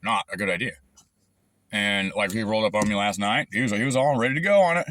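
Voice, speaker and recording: A man's voice: lowish voice, lively intonation, fast, a bit bright. A man telling a long, frustrated story in a rambling, casual way with lots of fillers and restarts. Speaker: channel host recounting a dispute.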